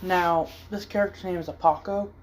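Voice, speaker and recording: A man's voice: sits high, steady tone, moderate pace, noisy background. A man hosting a casual drawing vlog, rambling and hesitant with lots of fillers. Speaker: art channel host.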